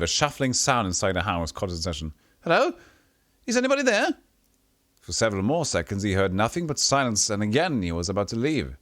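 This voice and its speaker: A man with a low voice streams a retro role-playing game from his home setup, chatting casually and reading the game's text aloud. He's animated but often stumbles and corrects himself. The sound is clean studio quality with no room sound.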